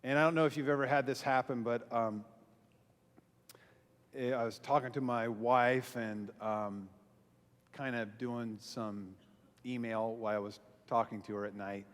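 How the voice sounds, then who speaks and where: A man's voice: medium pitch, fairly even intonation, unhurried. A man, a pastor, telling a self-mocking story to a church audience and acting out the voices he quotes. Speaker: pastor and small group speaker. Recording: long hall reverb from a live venue.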